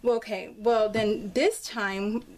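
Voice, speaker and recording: Storytelling over a craft process video, a middle-aged woman who scrapbooks tells a family tale from her home craft room with dogs close by. Her mid-range, darkish voice has fairly even intonation and a slow pace, while she chats, laughs, restarts a lot, and acts out quotes.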